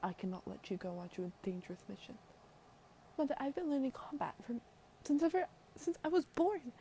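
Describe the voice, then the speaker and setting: A woman voicing a proud, scornful queen mother with a put-on British accent in a soft whispered role-play. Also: sits high, very animated, fairly quick, slight background noise, voice pushed up. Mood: stern. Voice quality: imperious, scornful.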